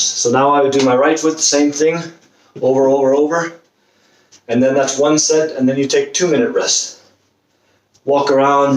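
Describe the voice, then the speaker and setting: A man coaching a football fitness workout, encouraging and demonstrating the exercises as he talks, out of breath at times. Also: medium pitch. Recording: roomy, distant camera mic, faint noise.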